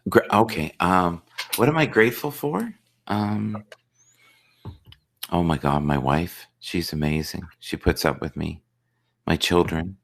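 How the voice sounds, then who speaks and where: A man with a very low, deep voice hosts a relaxed live stream chat. He rambles, repeats words as he gets started, and drifts into absurd, playful stories. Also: takes it slowly, creaky, long pauses. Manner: joking, tells offbeat absurd stories.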